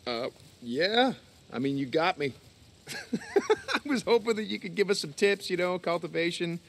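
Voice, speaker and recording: An actor playing an easygoing outlaw biker in a video game, joking and deflecting. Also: male voice, high-pitched, huge pitch swings, normal speed, creaky, fairly bright tone, exaggerated voice. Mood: teasing. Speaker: game character. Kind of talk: video game dialogue acting.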